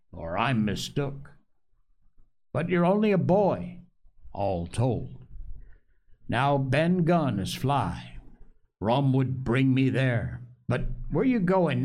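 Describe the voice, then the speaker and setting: A man voicing a marooned old castaway pirate, cunning and anxious, who rambles in a wheedling rustic way, read aloud slowly with a lively melody. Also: mid-range voice.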